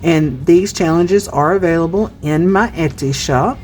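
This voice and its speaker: A woman in her thirties with a mild Southern accent and a low, grounded voice. She talks to her viewers in an easy, chatty way and counts out money aloud as she goes. Soft music plays faintly behind her. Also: a little slow. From Tennessee, US. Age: 30s. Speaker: budgeting YouTuber. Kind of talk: casual vlog chat while counting cash.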